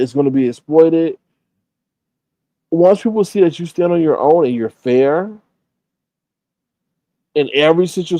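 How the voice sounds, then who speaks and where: A man's voice: a little high, warm tone, dry recording, dull audio. A man hosting a reaction commentary, blunt and exasperated, with laughing asides. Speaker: commentary channel host.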